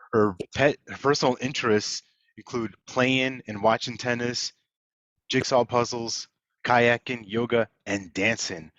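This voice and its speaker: A man hosting an online session, playful and energetic, reading out audience shout-outs and introducing a guest speaker. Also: on the low side, dry recording. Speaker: webinar host. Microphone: video call. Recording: dull lo-fi video call audio.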